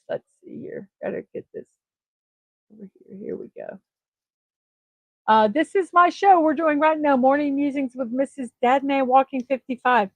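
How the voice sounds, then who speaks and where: Hosting her own morning livestream, a woman chats in a friendly, casual manner, dropping plenty of ums and uhs. Her voice sits high, and the recording is dry.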